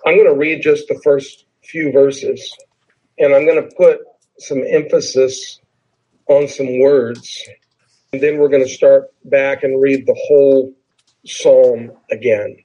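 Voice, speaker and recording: A man teaches a sermon in an easy, conversational way, repeating his points and slowing down to read scripture aloud with weight on key words. His voice is slightly husky, and the recording sounds dull and lo-fi. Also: medium pitch, warm tone. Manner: slows down to read scripture with emphasis. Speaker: preacher.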